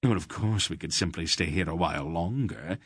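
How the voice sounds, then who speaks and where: Storybook casting: a sly, arch trickster, fairly low and dry, voiced by the narrator. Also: male voice, moderate pace, husky, dry recording. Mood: wry.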